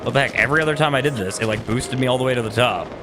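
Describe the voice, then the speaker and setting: A man's voice: mid-range voice, very fast, noisy background. A young man live-streaming a video game, chatting casually with his viewers and chuckling often as he jokes around. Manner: joking, chuckles often, talks to chat. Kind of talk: casual live-stream chat while playing. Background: game music.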